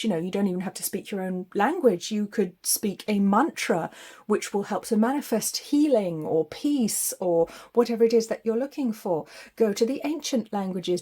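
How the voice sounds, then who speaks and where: A woman's voice: mid-range voice, dark tone. A woman giving a weekly psychic tarot forecast in a chatty, spiritual way, laughing often.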